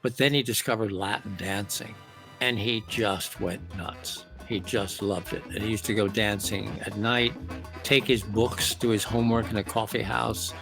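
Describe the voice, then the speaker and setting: Gravelly-voiced man telling stories. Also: lowish voice, fairly even intonation, moderate pace, a bit bright, faint music behind. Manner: enthusiastic storyteller, lists examples eagerly. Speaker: guest author and music producer. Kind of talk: interview storytelling.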